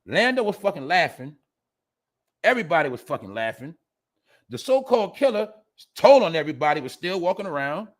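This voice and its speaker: A man hosting a podcast, giving animated, profane casual commentary in with laughing asides. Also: high voice. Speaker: podcast host.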